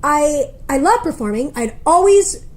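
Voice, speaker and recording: A woman, a motivational speaker, telling a story in a casual interview, lively and acting out the voices of others. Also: sits high, a little slow. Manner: animated, acts out quoted voices.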